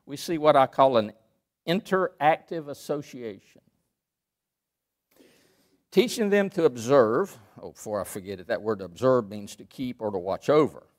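A man preaching a sermon in a church, emphatic, rising to loud peaks and dropping to quiet asides. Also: mid-range voice. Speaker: pastor. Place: church sanctuary.

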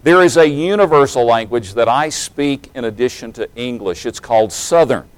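A man around forty, raised in East Tennessee but speaking in a general American accent, delivers a sermon at a middle pitch. He moves between relaxed, joking asides and more emphatic stretches of preaching. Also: moderate pace, no room sound, low-quality recording. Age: late 30s to early 40s. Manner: folksy and humorous, then rising to emphatic preaching.

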